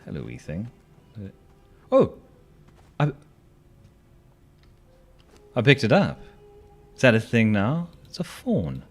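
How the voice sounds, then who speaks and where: Sex: man. Role: game streamer. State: a bit hoarse. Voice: very deep and lively, with faint music underneath. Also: takes it slowly, pauses often. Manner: playful, rambling, with silly sing-song asides. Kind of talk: casual chat while live-streaming a game.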